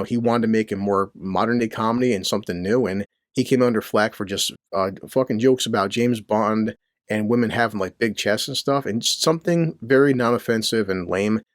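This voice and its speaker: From his home basement near a boiler, a middle-aged man hosting his commentary channel rants crudely about the news, firing off rhetorical questions and constant swearing. His fairly low voice is animated and a little fast, with clean studio sound and no room sound.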